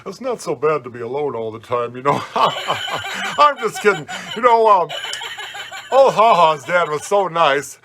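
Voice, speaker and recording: A man's voice: on the high side, animated, moderate pace, hardly any pauses, background noise. A man playing a folksy happy hobo clown. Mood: jolly. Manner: rambling, folksy, jokey, chuckling. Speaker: guest host. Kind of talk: family comedy show monologue.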